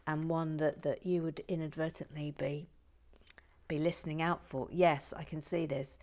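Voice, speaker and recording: A woman's voice: sits low, level tone, moderate pace, a little mellow, slight background noise. A woman reading out listener messages in a casual, giggly chat, often trailing off into whispers. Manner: giggly, self-interrupting, drops into whispers.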